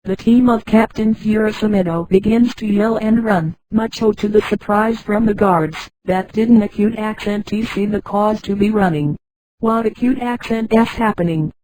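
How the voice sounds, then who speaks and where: A woman's synthetic voice reading a story aloud, flat and even, speaking punctuation marks as words. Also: medium pitch, moderate pace, hardly any pauses, slight background noise, rough recording. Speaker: audiobook narrator. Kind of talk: scripted narration.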